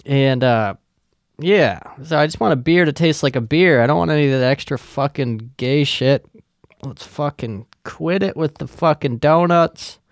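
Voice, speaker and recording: Gravelly, profane podcast host ranting. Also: male voice, on the high side, moderate pace, no echo, studio quality. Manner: profane, sarcastic, rambling. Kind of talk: casual comedic monologue.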